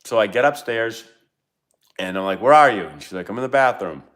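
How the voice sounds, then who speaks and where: A man's voice: fairly low pitch, expressive, fairly quick, a bit bright. A middle-aged man, a former ballplayer, hosting a casual live-stream Q&A and telling rambling, self-interrupting stories. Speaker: channel host, former pro baseball player.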